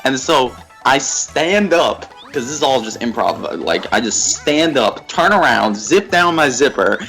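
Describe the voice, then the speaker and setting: A young man on a gaming livestream, telling a rambling, animated story and laughing at it. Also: medium pitch, measured pace, soft background music, low-quality recording. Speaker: gaming streamer. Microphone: desk mic at a facecam setup.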